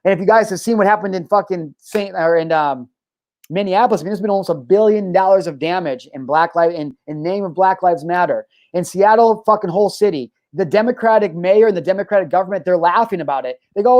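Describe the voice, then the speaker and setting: A man's voice: sits high, fast, darkish tone. A young man hosting a solo podcast, ranting heatedly and profanely, often stopping to restart his sentences. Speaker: podcast host.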